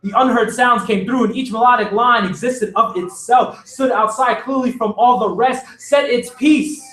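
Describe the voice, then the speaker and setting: High-voiced young man reciting dramatically. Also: steady tone, normal speed. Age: young adult. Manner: intense, dramatic phrasing with sharp swings in pace. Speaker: competition performer. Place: large room at a speech competition. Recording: roomy hall, mic from far off.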